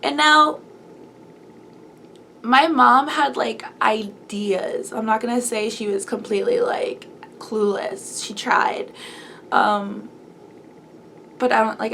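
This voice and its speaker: A woman's voice: on the high side, vocal fry, bright, forceful tone, a little hiss or hum. A young woman in her twenties talking through a personal vlog, emotional and close to tears, rambling with many fillers. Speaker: vlogger.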